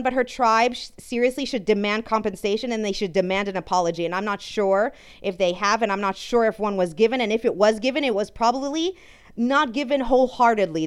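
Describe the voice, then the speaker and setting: A woman's voice: a little high, clean tone. Angry, swearing woman ranting. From France. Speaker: podcast host. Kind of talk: ranting monologue.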